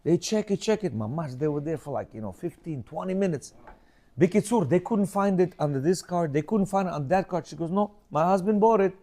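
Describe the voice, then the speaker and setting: Middle-aged male host, higher voice, lively and animated, rambling storyteller who acts out quotes. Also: fairly quick. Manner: animated, rambling, frequent restarts and acted quotes. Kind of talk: casual storytelling commentary.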